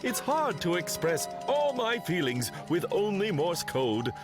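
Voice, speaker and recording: A man's voice: high-pitched, big pitch swings, measured pace. A man voicing a moody, misunderstood cartoon inventor creature who talks theatrically, swinging between pompous and desperate. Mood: dreamy. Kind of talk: animated cartoon dub. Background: background music.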